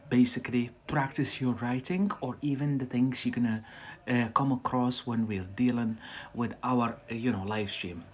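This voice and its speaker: A man from Algeria teaching an English lesson on a live stream, in a chatty way that answers viewers' questions and asks "yeah?" often. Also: medium pitch.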